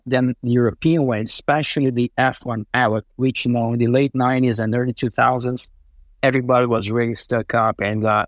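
A man from Brazil, an interview guest telling casual, animated stories with many fillers and acted-out quotes. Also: medium pitch, no room sound, clean studio sound. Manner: animated, acts out quoted voices, frequent fillers. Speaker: interview guest, racing driver. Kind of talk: casual storytelling.

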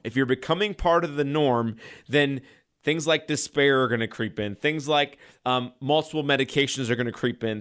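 A man's voice: on the high side, a bit bright. A man in his thirties, a chiropractor hosting a radio show, talking to listeners in an earnest, exhorting way with many repeats. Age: 30s. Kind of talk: impassioned radio talk.

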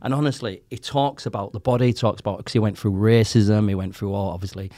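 A man in his forties, a podcast guest telling his story in casual, animated chat, quoting people and swearing as he goes. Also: on the low side, quick pace, dry recording, clean studio sound. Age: 40s.

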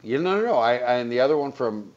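A man's voice: medium pitch, lively intonation, fast, darkish tone, lo-fi sound. A man hosting a radio talk show in casual chat, reading out quotes and laughing easily. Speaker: radio host.

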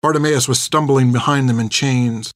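In a studio-quality recording free of room sound, a man reads an audiobook at a steady, measured pace, his voice sitting in the mid range.

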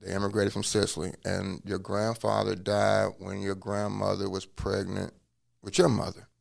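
A man telling his life story in a relaxed interview, acting out what people said to him. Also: lowish voice, normal speed, vocal fry. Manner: acts out quoted dialogue in a lively way; casual, drops curse words. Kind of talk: conversational storytelling.

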